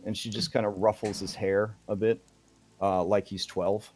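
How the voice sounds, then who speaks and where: A man's voice: on the low side, steady tone, moderate pace, darkish tone. A man narrating as game master in a casual way, with many fillers.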